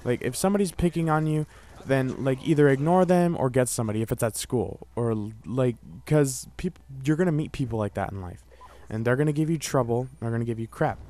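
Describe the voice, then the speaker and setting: A young man tells a story straight to his viewers in a loose, rambling way, leaning on "like" and "you know". His voice sits at an everyday middle pitch, and his delivery stays casual and chatty. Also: fairly quick, dark tone. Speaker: vlogger.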